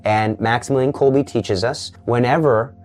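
A man giving an earnest Catholic teaching talk in a sermon style, dropping to a hush for quoted voices. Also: mid-range voice, normal speed, faint music behind. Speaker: Catholic preacher.

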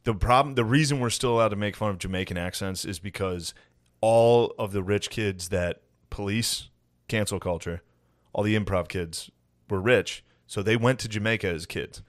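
A man's voice: lowish voice, moderate pace, dry recording, studio quality. A man co-hosting a podcast in casual comedic chat, joking and riffing. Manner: joking, riffing, slips into put-on voices. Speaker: podcast co-host.

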